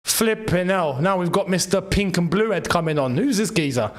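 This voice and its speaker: A man hosting a live football watchalong, reacting excitably and shouting and laughing at the action while his voice goes. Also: high voice, normal speed. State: losing his voice.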